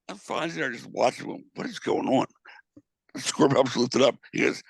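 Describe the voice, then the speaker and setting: A man, an interview guest and author, telling a lively road anecdote and laughing through it. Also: medium pitch, normal speed, creaky, breathy edge, no echo. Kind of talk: animated storytelling.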